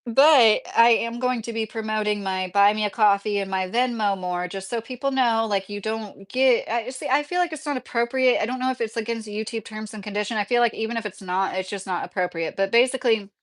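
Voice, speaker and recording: A woman in her thirties, live streaming to her viewers. Her voice sits a little high, and she chats loosely, often laughing as she reads out messages from the chat. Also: fairly quick, few pauses. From Kentucky, USA.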